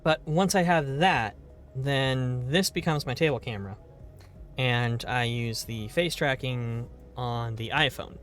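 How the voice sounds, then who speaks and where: A man's voice: medium pitch, measured pace, a bit bright, soft background music. A man streaming a game live, chatting casually in a rambling, playful way and swearing now and then.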